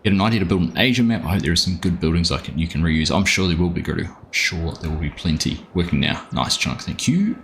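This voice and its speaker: A man's voice: low-pitched, animated, quick pace, gravelly, few pauses, a bit bright, slight background noise. A New Zealand man streaming a game live from home, chatting casually and greeting viewers by name. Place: home room.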